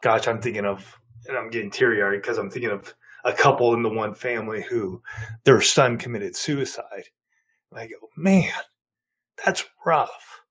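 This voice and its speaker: A man's voice: fairly low pitch, fairly even intonation, normal speed, fairly bright tone, breathy edge, highs cut off. A man in his forties, a marriage coach and podcast guest, speaking earnestly and with emphasis. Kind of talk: podcast interview.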